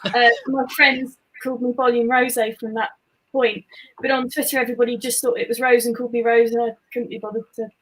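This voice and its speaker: A woman's voice: a little high, flat delivery, a little fast, fairly bright tone, slightly rough, poor audio. A woman chatting as a guest on an online stream, giggly and talkative. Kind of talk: casual chat.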